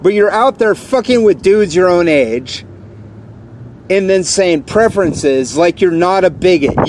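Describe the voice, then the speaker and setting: A man in his forties ranting angrily to camera, repeating accusations and working himself up into shouted outbursts. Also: high-pitched, lively intonation, a little slow, slight background noise. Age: 40s. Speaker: vlogger. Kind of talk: angry rant to camera.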